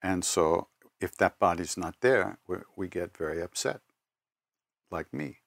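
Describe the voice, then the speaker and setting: Gravelly, low older man giving a spiritual talk. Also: fairly bright tone, dry recording. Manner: unhurried and reflective, with pauses and self-corrections. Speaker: spiritual teacher. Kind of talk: spiritual talk with personal stories.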